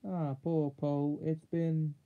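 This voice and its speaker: A man reading aloud voices a gloomy, pessimistic marsh-wiggle who mutters slowly. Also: a little high, flat delivery. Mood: pitying mutter. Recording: tinny phone-like sound.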